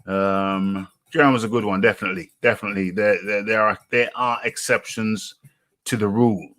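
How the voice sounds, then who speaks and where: A man's voice: lowish voice, fairly even intonation, brisk, a bit bright. A British man hosting a live boxing talk stream, rambling and repeating his phrases with plenty of fillers. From United Kingdom. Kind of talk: casual live-stream chat.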